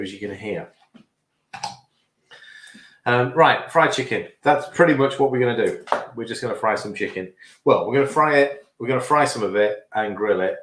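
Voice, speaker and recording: A man's voice: lowish voice, a bit bright, echoey room, slight background noise, poor audio. A man hosting a live cooking stream from his home kitchen, chatting in a rambling, self-correcting way. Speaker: host of a cooking livestream. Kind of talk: casual live cooking chat.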